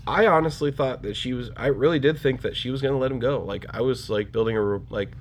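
A man's voice: medium pitch, quick pace, a little hiss or hum. A man co-hosting a podcast, casually retelling a comic book story and acting out its lines. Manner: animated retelling, acts out character lines. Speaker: podcast co-host.

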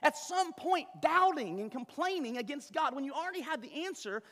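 This high-pitched preacher gives a sermon at a normal pace, animated and emphatic, with a fairly bright tone and a chatty style full of asides. His words echo through a big hall with lengthy reverb.

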